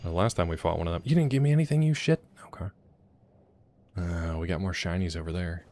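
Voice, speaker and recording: Brief: male game streamer, very deep voice, casual joking commentary, talks to chat. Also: fairly quick, a little mellow. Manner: chatty and joking, reacting aloud and talking to chat. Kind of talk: casual live gameplay commentary.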